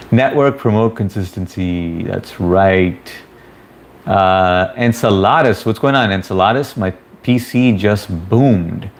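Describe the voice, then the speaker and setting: A man's voice: on the low side, slow pace, a little hiss or hum. A man hosting a casual livestream, reading viewer comments aloud and greeting people by name in a laid-back, chummy way. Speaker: livestream host.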